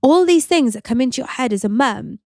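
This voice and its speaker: A woman's voice: high-pitched, expressive, fairly quick, a little mellow, dry recording, clean studio sound. A woman hosting a podcast, telling a personal story in a chatty, open way, full of casual fillers. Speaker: podcast host.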